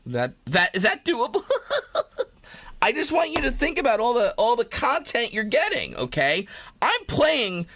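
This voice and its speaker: A man with a high, bright voice rants on a live stream, swinging widely up and down in pitch. He rambles, swears freely and plays up his self-pity, laughing along the way. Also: huge pitch swings, moderate pace. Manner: rambling, profane, self-pitying, breaks into laughter. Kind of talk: comedic live-stream rant.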